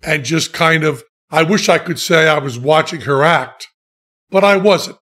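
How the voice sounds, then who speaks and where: A man spins a long, self-mocking anecdote in relaxed conversation. His voice sits high for a man and he takes his time, with dry, deadpan timing and his own laughter breaking in. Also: unhurried. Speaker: podcast guest telling stories. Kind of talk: casual storytelling chat.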